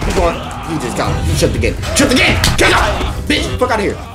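A man commenting on a video game as he plays, casual and loud, swearing and shouting often. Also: sits high, huge pitch swings, brisk, hardly any pauses, over loud music. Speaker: gaming streamer. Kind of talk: casual let's-play commentary.

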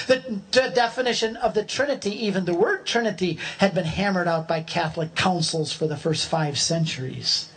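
Older man telling a lively parable. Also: high voice, husky. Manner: animated, acts out voices and shouts in the story; preacherly, builds a long parable. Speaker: speaker telling his conversion story. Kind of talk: humorous storytelling talk.

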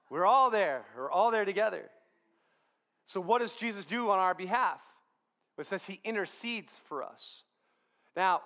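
A male pastor preaching a sermon in a church, talking in a relaxed, conversational way. He tells stories against himself with easy humor. His voice sits high for a man. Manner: conversational, humorous, self-deprecating storytelling.

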